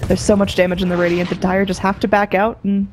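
A woman casting a live video game match with relaxed, chatty play-by-play. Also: medium pitch, fast, slight background noise. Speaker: esports caster.

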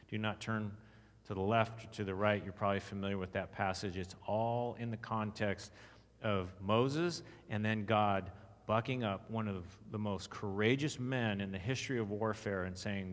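A man's voice: on the low side, steady tone, normal speed. Texan man preaching in an echoing church hall. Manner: emphatic, asks the audience questions, reads scripture aloud. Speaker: conference speaker. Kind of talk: sermon-style teaching. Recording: long echo of a church hall.

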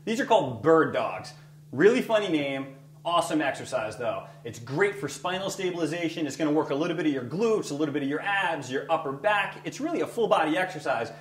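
Energetic man coaching floor exercises. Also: fairly high pitch, a little fast. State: breathing heavily. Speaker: fitness trainer. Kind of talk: exercise demonstration. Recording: echoey room with faint hum.

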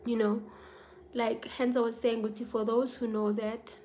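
A woman's voice: on the high side, little pitch movement, moderate pace, warm tone, slight background noise. Earnest South African woman vlogger. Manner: earnest, confiding, mixes languages. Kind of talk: personal venting vlog.

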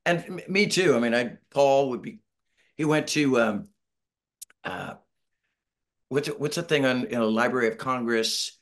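A middle-aged band member talks casually on a video call from his Northern California home, where he's an interview guest. His medium-pitched voice has lively intonation and normal speed with frequent pauses, and he rambles through a story, acting out quotes and teasing himself.

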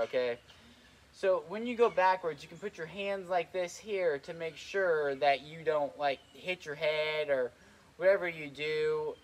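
A young man giving casual trampoline tips, rambling with lots of fillers and a little out of breath. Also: fairly high pitch. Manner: rambling, lots of "like" and "kinda", repeats himself. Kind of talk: casual instructional vlog. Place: outdoors on a trampoline.

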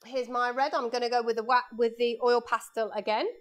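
A woman's voice: a little high, level tone, a little fast, a little hiss or hum. A woman art teacher giving a live painting lesson for children in her studio, chatting and explaining each step as she draws, speaking into a lapel mic.

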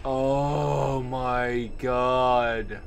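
A man's voice: medium pitch, fairly even intonation, very slow, gravelly, a little hiss or hum. A young man commentating a horror game, nervous and jumpy, chatting to objects around him and yelping at scares. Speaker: gaming YouTuber.

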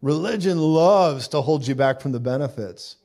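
A man's voice: a little high, animated, moderate pace, creaky, dark tone. Man preaching a casual, chatty sermon. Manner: conversational preaching, asides and acted quotes. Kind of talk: live sermon.

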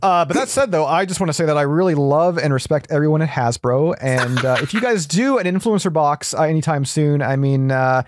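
A man guesting on a casual podcast, joking and halting with fillers as he talks. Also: a little high, animated.

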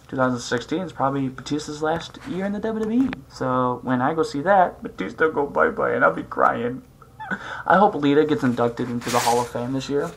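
A man rambles through a casual vlog at a hyper clip, crude and joking. His pitch sits in an ordinary middle range, with a faint hiss of noise behind him. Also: vocal fry, a bit bright, low-quality recording. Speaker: vlogger.

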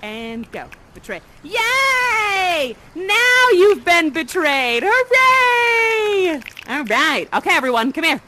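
A woman's voice: high voice, very animated, a little slow, few pauses, noisy background. A woman playing an exiled mother sorceress in live interactive theater, coaxing and playfully dramatic, doting on her audience. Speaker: immersive theater actor.

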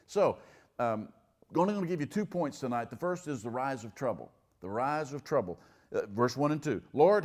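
A male pastor delivers a sermon in a church, mixing folksy stories with scripture. His voice sits in an ordinary middle pitch. He punches key words loudly, then drops to near-hushed tones. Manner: folksy storytelling preacher, swings from loud emphasis to hushed.

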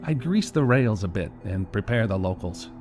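A man narrating a first-person story in a wry, deadpan way. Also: on the low side, moderate pace, soft background music.

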